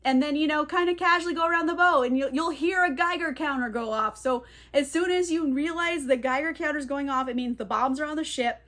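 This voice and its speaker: A woman's voice: high-pitched, a little fast, hardly any pauses, fairly bright tone. A woman giving a chatty, sarcastic casual book recap, laughing often and using lots of filler words. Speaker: book reviewer.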